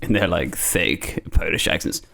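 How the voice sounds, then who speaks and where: A man's voice: extremely low pitch, unhurried, gravelly. A man in his twenties, co-hosting a casual chat podcast, telling stories with swearing and laughter. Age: 20s. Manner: animated storytelling with swearing and laughter. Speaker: podcast co-host.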